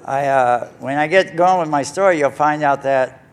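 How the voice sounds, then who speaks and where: A man's voice: a little high, moderate pace. An older man speaking at a recovery conference, telling his own story in a rambling, self-mocking way with many fillers. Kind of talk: personal story talk to an audience. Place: conference hall stage.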